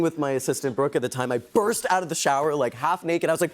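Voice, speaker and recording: A young man as a talk-show guest, telling excitable, fast anecdotes full of "like" in a TV studio. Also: medium pitch. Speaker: actor guest. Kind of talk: animated talk-show storytelling. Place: TV studio with audience.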